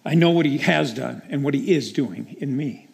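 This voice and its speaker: A man's voice: mid-range voice, normal speed, gravelly, a little mellow. A male preacher delivering a sermon with dramatic storytelling.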